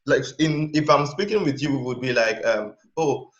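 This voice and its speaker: Halting man in an echoey room. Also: mid-range voice, lively intonation. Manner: halting, searches for examples mid-sentence. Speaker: interview guest, language learner. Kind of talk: casual interview chat. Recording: echoey, dull sound.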